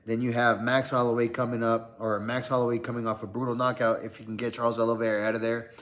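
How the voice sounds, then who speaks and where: A man's voice: medium pitch, flat delivery, quick pace, fairly bright tone. A man hosting a podcast, giving casual fight picks in a loose, conversational way with lots of fillers. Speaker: podcast host. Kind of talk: casual fight-pick chat. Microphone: podcast mic.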